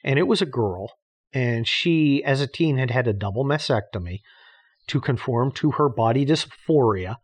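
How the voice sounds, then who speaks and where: A man's voice: mid-range voice, expressive, moderate pace, husky. Blunt, sarcastic man ranting on a podcast. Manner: blunt, sarcastic, profane ranting with frequent restarts. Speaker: podcast host. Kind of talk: casual monologue.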